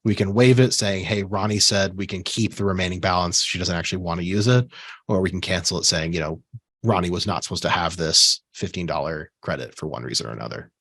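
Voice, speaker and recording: A man giving a relaxed screen-share software tutorial, talking casually with fillers and asides while he has the hiccups. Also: low-pitched, a little fast, slightly rough, no echo, studio quality. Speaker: software trainer.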